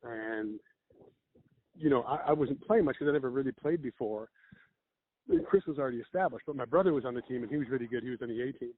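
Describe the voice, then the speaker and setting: A man's voice: mid-range voice, fast talker, husky. A man, a comedian guest, telling rambling stories in a casual chat with laughs and acted-out quotes. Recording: phone-like narrow band.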